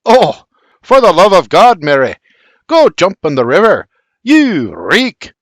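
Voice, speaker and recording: A man's voice: sits high, wildly swooping pitch, slow, dry recording, studio quality, pitched above the performer's own voice, full character voice. A man voicing a sarcastic young son with a whiny, mocking brogue, in an audiobook. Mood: cheeky.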